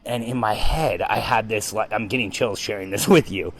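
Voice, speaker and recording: A man hosting a podcast, telling a story in an animated, excitable way with frequent ums. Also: fairly low pitch, moderate pace, rough recording. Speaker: podcast host. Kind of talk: storytelling monologue.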